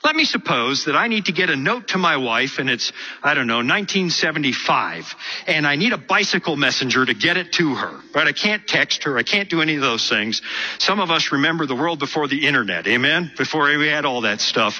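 Man preaching, sermon, lively storyteller, very bright, husky edge, muffled lo-fi recording. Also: on the high side, brisk. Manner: animated, storytelling with acted quotes.

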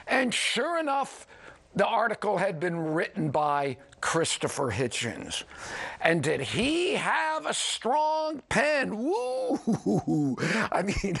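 A man with a New York accent hosting a program, talking in an animated, digressive way with chuckling asides. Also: high voice, gravelly, slightly rough. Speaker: program host. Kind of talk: conversational radio commentary.

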